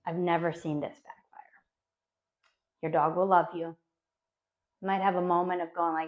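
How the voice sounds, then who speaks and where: A woman dog trainer explaining training phases to owners, animated and acting out little voices for dogs and owners. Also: on the low side, moderate pace, pauses often. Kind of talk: spoken instructional talk to dog owners. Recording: dull lo-fi sound.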